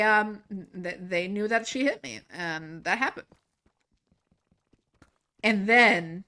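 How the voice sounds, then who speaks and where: In a mid-range voice, a young female streamer chats her way through a story as she plays, animated and meandering, often laughing and cursing.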